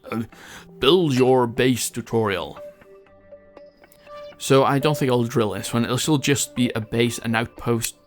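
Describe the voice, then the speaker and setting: A man giving casual gameplay commentary, chatty and rambling, mocking himself and often losing his thread. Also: mid-range voice.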